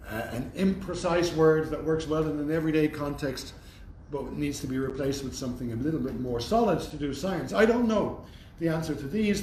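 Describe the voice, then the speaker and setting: A man's voice: fairly high pitch, a little mellow. A man giving a university lecture in a thoughtful, conversational way with wry asides. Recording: roomy echo, faint background noise.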